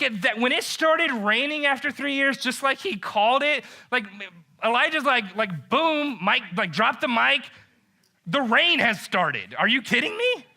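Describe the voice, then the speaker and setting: A man preaching a casual sermon, retelling a story in an animated, joking way and saying "like" a lot. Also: very high-pitched. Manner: animated and joking, heavy use of "like". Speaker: pastor.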